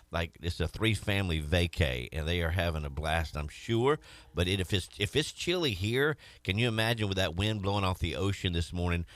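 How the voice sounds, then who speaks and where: A fairly low-voiced man hosts a morning radio show, chatting and joking in a loose, rambling way. Faint music plays underneath. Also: fairly bright tone. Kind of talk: casual morning radio chat.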